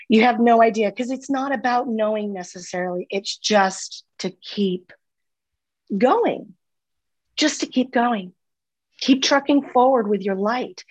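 With a slightly mellow, somewhat high voice, this woman joins a relaxed podcast conversation as a guest. A former nurse turned spiritual healer, she speaks with sincere feeling and repeats words often.

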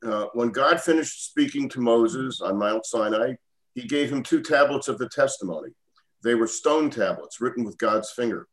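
Man, reading scripture aloud, steady, plain, mid-pitched. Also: normal speed, poor audio.

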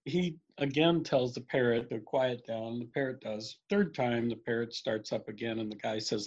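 Man, casual joke telling, husky, dull lo-fi sound. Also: medium pitch, normal speed, hardly any pauses. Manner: relaxed storyteller, voices characters. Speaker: joke teller.

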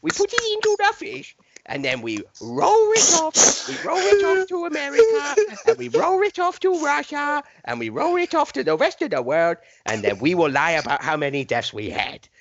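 A man voicing a scheming male plotter in a high, squeaky, exaggerated put-on voice. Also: wildly swooping pitch, moderate pace, muffled recording, heavily acted.

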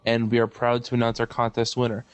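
A man's voice: medium pitch, monotone, fast, smooth, no echo. A man co-hosting a podcast, talking in a dry, sarcastic, matter-of-fact way. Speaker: podcast co-host. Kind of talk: casual podcast chat.

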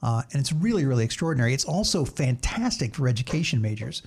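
A middle-aged man with a Southern American accent hosts a podcast in casual conversation. His voice sits at an ordinary pitch, and his speech runs quick and easy. He encourages his guest and laughs often. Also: big pitch swings, darkish tone, husky. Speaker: podcast host. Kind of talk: casual chat.

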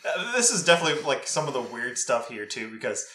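Bright-voiced chatty man. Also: mid-range voice, sing-song, fast talker, reverberant. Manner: chatty, laughing, quoting scenes. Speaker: podcast co-host. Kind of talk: casual movie review chat.

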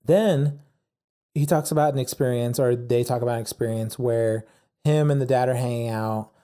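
A man's voice: mid-range voice, normal speed, warm tone, smooth. A man casually retelling a story, rambling with lots of fillers. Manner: rambling, many fillers like "like" and "yada yada". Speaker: storyteller recapping a documentary. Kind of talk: casual chat.

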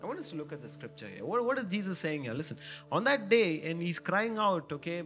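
A man's voice: fairly high pitch, big pitch swings, brisk, fairly bright tone, faint music behind. Fervent preacher man, rhetorical questions. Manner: rising to emphatic, repeated rhetorical questions; calls out to the congregation. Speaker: pastor. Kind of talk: sermon.

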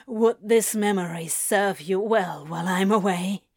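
A woman voicing a female demon, speaking in a slow, husky, teasing murmur. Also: medium pitch, darkish tone, no room sound, clean studio sound.

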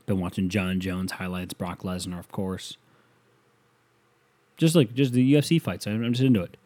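A man's voice: low voice, normal speed, dark tone. A man delivering a profane, sarcastic comedic rant as a solo monologue.

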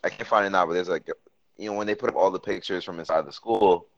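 A man's voice: low-pitched, steady tone, fast talker, no room sound. A man co-hosting a sports podcast, talking things through in a thoughtful, rambling way. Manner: thoughtful, rambling, curious questions. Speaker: podcast co-host. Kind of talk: casual sports chat. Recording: dull, dry sound.

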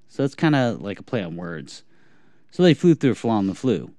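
Rambling young man, lively pitch. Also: normal speed, no echo. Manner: rambling, self-deprecating, clears throat often. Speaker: podcast co-host. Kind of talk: casual chat.

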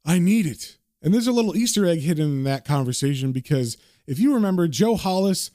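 A man's voice: on the high side, lively intonation, quick pace, dark tone, no echo, studio quality. A man casually retelling a comic book issue panel by panel as its reviewer. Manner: casual, descriptive storytelling. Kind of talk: comic book recap narration.

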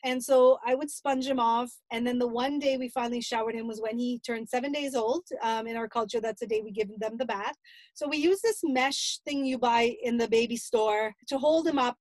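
High-voiced grandmother telling a family story. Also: normal speed, no room sound, low-quality recording. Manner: emotional, animated retelling with acted-out quotes. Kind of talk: personal storytelling.

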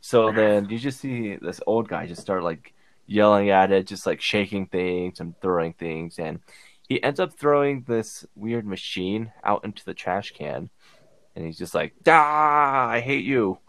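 A man's voice: sits low, measured pace, no room sound. A man co-hosting a casual movie review podcast, retelling the plot with lots of fillers. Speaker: podcast co-host.

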